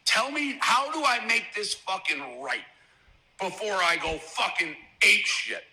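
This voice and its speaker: A man's voice: sits high, animated, unhurried, bright, forceful tone, low-quality recording. A middle-aged man giving a profane, fired-up rant to camera as a business owner's statement.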